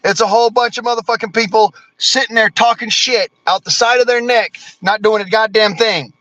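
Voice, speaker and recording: A high-pitched American man with a bright, forceful voice, ranting about politics with nonstop cursing. His delivery is blunt and combative. The sound is dry and close, with no room around it. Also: fairly even intonation, brisk, dry recording, highs cut off. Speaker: vlogger. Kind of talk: profane political rant.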